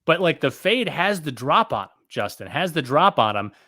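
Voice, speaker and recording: A man's voice: a little high, sing-song, moderate pace, bright, forceful tone. A man co-hosting a casual podcast chat, joking with many fillers and restarts. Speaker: podcast co-host.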